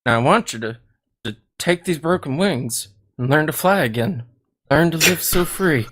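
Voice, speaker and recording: A man's voice: fairly high pitch, lively intonation, normal speed, background noise, voice pushed up, close to an everyday voice. A man voicing a wisecracking skeleton ex-king who cracks bone puns, in a storytelling game podcast. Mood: grandiose. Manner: jokey, punning. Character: wisecracking skeleton ex-king, male, pun-loving.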